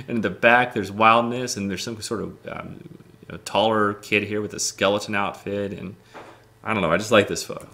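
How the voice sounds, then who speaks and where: Low gravelly dude rambling about his photos, lots of ums, excited. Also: moderate pace. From United States. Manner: rambling, many ums, enthusiastic. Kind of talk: casual talk over photos.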